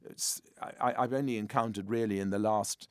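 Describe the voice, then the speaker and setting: An older man with a very low voice speaks frankly about his work as an interview guest, pausing to reflect and telling anecdotes. He is recorded close and dry, with no room sound. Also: steady tone, no echo. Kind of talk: conversational interview.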